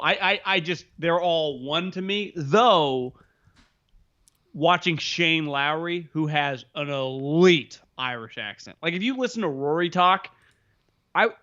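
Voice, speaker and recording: A man's voice: a little high, pushed and bright, muffled recording. A man co-hosting a sports podcast in casual chat, rambling with lots of filler words. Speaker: podcast co-host.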